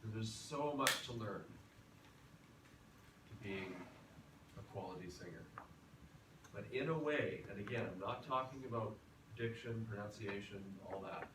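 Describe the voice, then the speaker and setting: A man teaching a singing class in a relaxed, chatty lecture style. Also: on the low side, unhurried, long pauses. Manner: relaxed, chatty, tells anecdotes. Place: classroom or rehearsal hall. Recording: roomy, from far off, noisy.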